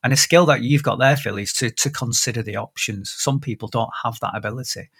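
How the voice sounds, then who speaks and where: Hosting a podcast, a man in his fifties spins stories in relaxed conversation, animated and full of restarts. He speaks a little fast in a mid-range, husky voice with vocal fry.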